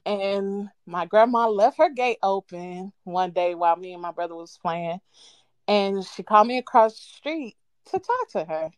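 A woman calling in to a live show, casually telling a childhood story with lively quoted voices and frequent laughs. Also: medium pitch, normal speed, clean tone, no room sound. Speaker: caller. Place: at home on a live call. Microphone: phone.

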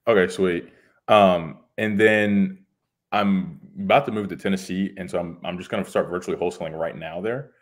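Brief: young male caller, deep voice, polite and halting, lots of ums. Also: steady tone. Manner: polite, hesitant, many ums. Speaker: caller asking for advice. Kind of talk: casual call-in question.

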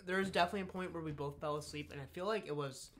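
Young man, relaxed joking co-host. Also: on the high side, very fast. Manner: relaxed, joking, a little tongue-tied. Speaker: podcast co-host. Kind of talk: casual chat. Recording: faint background noise.

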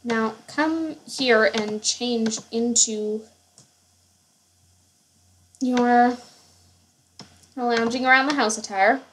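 A woman's voice: fairly high pitch, drawn-out words, pauses often, fairly bright tone, a little hiss or hum. A woman giving casual gameplay commentary, gushing and rambling with many fillers as she shows her household. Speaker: gamer showing her household.

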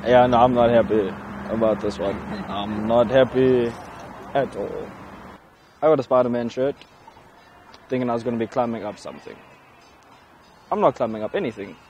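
A man's voice: mid-range voice, moderate pace, pauses often, a little mellow, dull audio, a little hiss or hum. A young man hosting his vlog, joking and swearing nervously outdoors before a bungee jump. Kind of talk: casual vlog chat. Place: outdoors on a high platform in a city.

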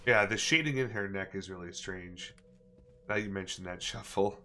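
A man's voice: deep voice, moderate pace, pushed and bright, slight background noise. A man streaming a video game, chatting casually and reading in-game text aloud with playful mock drama.

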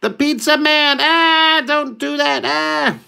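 A man voicing a frantic pizza delivery man who cries out in a high, yelping voice while telling a drawing story. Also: steady tone, slow pace, vocal fry, pushed and bright, heavily acted. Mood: panicked.

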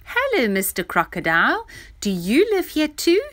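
A woman's voice: a little high, huge pitch swings, normal speed, a bit bright, voice pushed up. A woman voicing a small, curious little girl who greets animals with eager questions.

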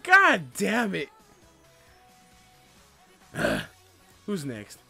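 A young man giving casual gameplay commentary as a let's player, with loud excitable outbursts and a lot of laughing. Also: high voice, very slow, creaky, breathy edge. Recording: faint game music behind.

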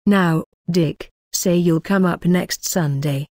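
A woman's voice: on the low side, slow, dark tone, dry recording, studio quality. A woman reading the part of a persuasive middle-aged male artist who talks in a chummy, coaxing way.

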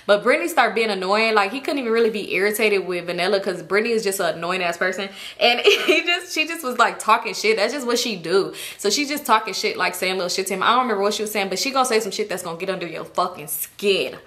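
Bright-voiced young woman telling a story. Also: fast talker, few pauses. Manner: animated, acts out friends' voices with big pitch jumps; profane, slangy, laughs while telling. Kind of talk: casual storytime vlog.

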